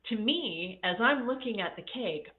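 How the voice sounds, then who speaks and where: A woman's voice: fairly high pitch, lively intonation, normal speed. A woman life coach on a casual livestream, telling reflective stories with many fillers and a slightly congested voice. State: slightly congested, coughing after illness. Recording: tinny phone-like audio.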